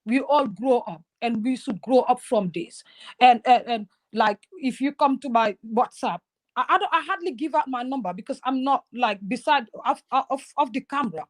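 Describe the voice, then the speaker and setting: Emotional Gambian woman, higher voice. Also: normal speed. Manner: earnest, emotional, stammering restarts. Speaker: YouTuber guest. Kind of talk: impassioned conversation.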